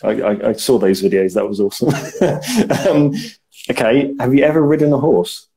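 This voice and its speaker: A man's voice: medium pitch, lively intonation, normal speed, a crowd in the background. A man from southern England hosting a casual interview over a video call. He is upbeat, laughs often and stammers as he goes. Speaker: interview host.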